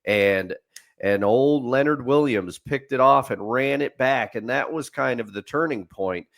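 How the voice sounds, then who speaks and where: A man's voice: mid-range voice, measured pace, vocal fry. Rambling man in casual sports talk. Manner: rambling, restarts often, laughs at his own stories. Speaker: podcast co-host.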